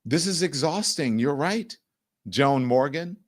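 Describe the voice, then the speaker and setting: A man's voice: fairly high pitch, expressive, unhurried. Blunt, indignant male commentary host. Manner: blunt, indignant, swears freely. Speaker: show host. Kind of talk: livestream political commentary.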